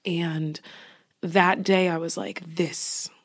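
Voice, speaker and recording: Telling a personal story in relaxed podcast chat, this young co-host frequently sinks into something close to a whisper. She speaks at a normal speed, with a fairly low pitch and fairly even intonation.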